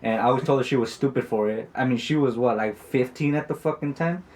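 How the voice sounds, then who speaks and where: A man's voice: medium pitch, fast. A man in his twenties, a podcast co-host telling a story in casual chat, rambling with many fillers and lots of swearing. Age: 20s.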